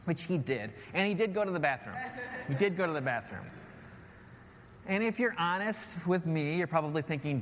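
A man's voice: on the high side, fairly quick, fairly bright tone. A man in his thirties, a pastor preaching an earnest sermon and often repeating key phrases with "right?". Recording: long hall reverb, faint noise.

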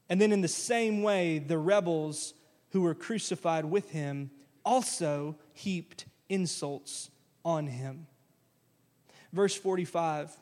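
A male pastor preaching a sermon, lively and conversational, slipping into casual phrases as he walks through a scripture reading. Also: on the high side, takes it slowly. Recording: long church-hall reverb.

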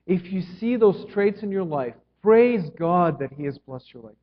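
A slightly high-voiced man preaching a sermon with earnest conviction. He presses some lines hard and lets others fall quiet. The sound is a little dull and rings with the long reverb of a church hall. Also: animated, normal speed. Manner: earnest preaching, swings between emphatic and hushed. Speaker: pastor. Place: church sanctuary.

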